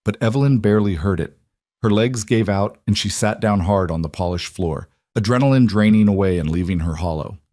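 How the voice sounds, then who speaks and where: A man narrating a western story in a measured, dramatic way. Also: lowish voice, warm tone, dry recording, clean studio sound. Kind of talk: scripted narration.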